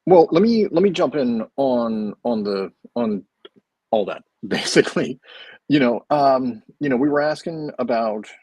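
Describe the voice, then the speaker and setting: A man's voice: mid-range voice, lively intonation, a little slow, darkish tone, husky, no echo. A man in casual football fan chat, blunt and casually swearing. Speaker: fan channel co-host.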